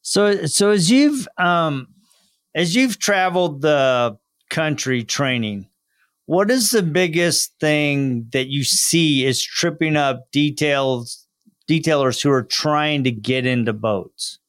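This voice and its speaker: A man hosting a podcast, asking the guest measured, slightly hesitant questions. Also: a little high, a bit bright. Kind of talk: interview questions.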